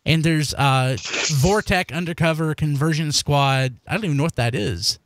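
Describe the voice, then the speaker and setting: A man's voice: a little high, normal speed, dry recording. A man co-hosting a live-streamed fan podcast in casual chat, rambling and plugging links. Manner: animated, rambling, promotes links. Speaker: podcast co-host.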